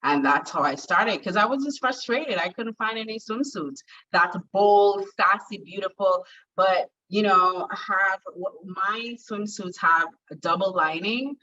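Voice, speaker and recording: Bright-voiced woman from Jamaica, chatty. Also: mid-range voice, unhurried. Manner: chatty, animated storyteller. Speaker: confidence coach and plus-size model. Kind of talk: casual interview chat. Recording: distant, muffled video call audio.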